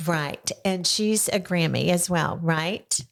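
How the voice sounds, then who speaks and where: An older woman hosting a podcast, chatting with a child and coaxing him along with slow, gentle questions. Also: lowish voice, vocal fry. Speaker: podcast host interviewing her grandson. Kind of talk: casual interview chat. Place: small home podcast studio.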